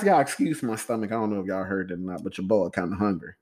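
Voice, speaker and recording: A man's voice: sits low, animated, quick pace, few pauses, darkish tone. A man hosting his own podcast in loose, rambling casual talk, calling his listeners y'all and sounding emotional and wavering as he shares personal news. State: emotional, voice wavering while recounting a loss. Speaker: podcast host.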